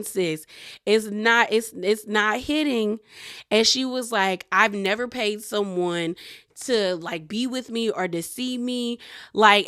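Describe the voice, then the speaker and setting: A woman's voice: mid-range voice, a bit bright. A young woman recapping a reality show in casual commentary, acting out quotes of the cast members.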